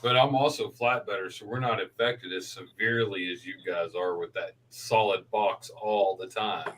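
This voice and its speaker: Low-voiced flatbed trucker man. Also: moderate pace, slightly rough, recorded from a distance, rough recording. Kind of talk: casual chat.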